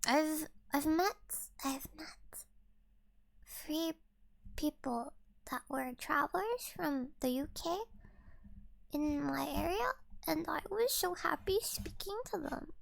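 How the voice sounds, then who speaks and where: A young woman in a whispered role-play, soft-spoken and rambling, swearing freely and trailing off mid-thought. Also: high-pitched, slow pace, vocal fry, no room sound. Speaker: ASMR creator.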